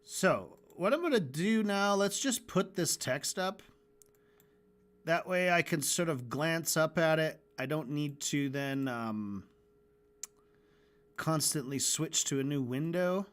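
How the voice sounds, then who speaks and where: A man chats loosely on a livestream while he works on animation, rambling and joking with casual swearing. His voice sits a bit higher than most men's. The talk is relaxed and unscripted. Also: takes it slowly.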